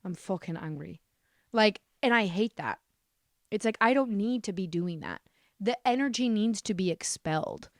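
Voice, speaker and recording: A woman's voice: medium pitch, moderate pace, no room sound, studio quality. A woman in her twenties hosting her own podcast, rambling through a casual solo monologue, blunt and swearing freely, with many restarts. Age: 20s. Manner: blunt, swears freely, swings between deadpan and exasperated. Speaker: podcast host.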